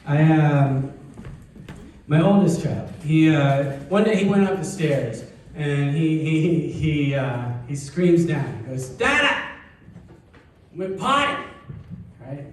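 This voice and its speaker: A man doing a stand-up comedy set, telling stories deadpan and breaking into sudden high-pitched outbursts. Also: slow pace, slight background noise. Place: comedy club stage. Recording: echoey live club mic from a distance, audience. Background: audience laughter.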